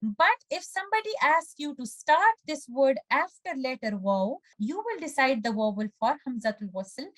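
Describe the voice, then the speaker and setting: A woman's high, clear teaching voice walks through recitation rules with patient care. She is methodical, slowing down to spell out sounds syllable by syllable. The recording is close and dry, with no room around her. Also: big pitch swings, a bit bright, dry recording, poor audio. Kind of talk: step-by-step tajweed lesson with recited examples.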